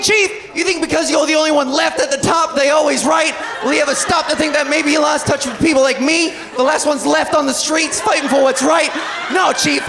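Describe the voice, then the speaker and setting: A woman voicing a hot-headed rogue male bike cop, making defiant shouted speeches in front of a laughing crowd. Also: high voice, creaky, pitched above the performer's own voice. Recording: noisy club with laughing crowd.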